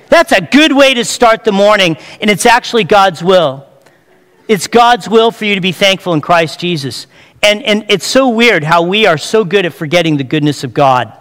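A male pastor preaches with an easy, joking style, tossing rhetorical questions to his listeners. His voice sits high and comes across smooth and resonant. A long reverb trails behind him, as from a large hall. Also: a bit bright. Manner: conversational preaching with humor, rhetorical questions to the congregation. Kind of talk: sermon.

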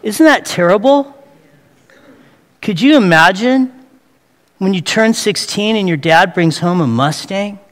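A man's voice: high voice, unhurried, long pauses, fairly bright tone. A man preaching a sermon in a chatty, joking way, throwing rhetorical questions at his congregation. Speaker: pastor. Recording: long hall reverb.

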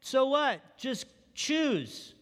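A man preaching a sermon as pastor, telling animated stories and asking the congregation questions. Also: very high-pitched, extremely slow, long reverb tail.

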